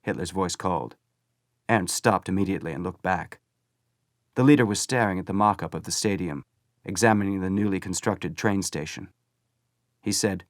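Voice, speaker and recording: A man reading a novel aloud as an audiobook narrator, measured and steady. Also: low-pitched, dry recording, studio quality. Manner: measured storytelling. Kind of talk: scripted narration.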